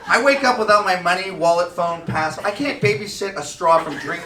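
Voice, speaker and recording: A man's voice: sits high, normal speed, few pauses, roomy sound, distant mic, over a noisy crowd, heavy background noise. A Canadian man doing a crude, rowdy stand-up comedy set on a sports bar stage. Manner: crude, rowdy storytelling with lots of swearing.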